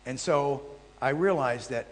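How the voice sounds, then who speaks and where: A man's voice: mid-range voice, measured pace. Storytelling male preacher in a reverberant hall. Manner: animated anecdotes, jokey asides to the audience. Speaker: traveling Bible teacher. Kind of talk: storytelling sermon. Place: large hall before a live audience.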